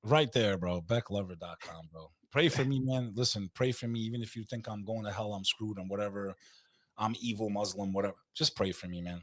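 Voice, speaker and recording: Man, podcast guest, husky, lowish voice, lively pitch, emphatic, earnest. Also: brisk, dry recording, clean studio sound. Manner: emphatic, peppers speech with "bro". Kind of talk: intense, earnest conversation.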